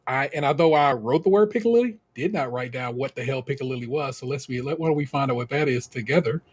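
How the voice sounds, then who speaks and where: A man from the United States co-hosting a podcast. He recaps a TV show in a casual, animated, slangy way and laughs often. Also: medium pitch, quick pace, slightly rough. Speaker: podcast co-host.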